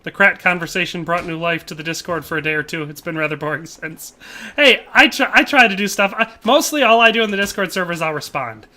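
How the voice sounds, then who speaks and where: A man's voice: high voice, fast talker. A man hosting a live game stream, chatting casually and reading viewer comments, rambling and restarting his sentences with frequent laughs. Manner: rambling, animated, laughs often, trails off and restarts. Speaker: gaming livestream host.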